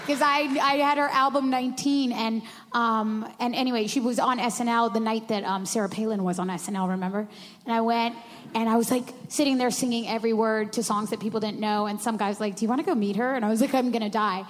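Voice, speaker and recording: A woman on a panel, chatting casually and telling stories in a lively, animated way. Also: fairly high pitch, fast talker. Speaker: panelist, former cast member. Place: large hall with live audience. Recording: reverberant hall with audible background noise.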